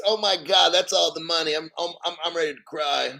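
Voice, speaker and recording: A man hosting a live-streamed crypto show, reading an article aloud and riffing on it in an excitable, profane way, often claiming he is about to cry. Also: on the high side, creaky. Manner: profane, excitable, mock tearful; reads article aloud slowly, then riffs. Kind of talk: live-stream commentary with callers.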